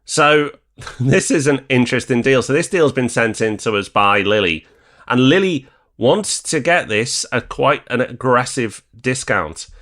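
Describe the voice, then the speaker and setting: A man from northern England co-hosting a property podcast, calmly weighing up investment deals. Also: mid-range voice. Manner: measured, weighing pros and cons aloud. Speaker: podcast co-host. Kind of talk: casual podcast discussion.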